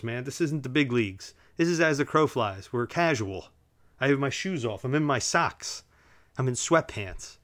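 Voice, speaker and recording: A man's voice: medium pitch, fairly bright tone, no echo. A man hosting his own solo podcast at home, chatting casually in a rambling way with lots of fillers and jokey asides to his listeners. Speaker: podcast host. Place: at home, relaxed, drinking while recording.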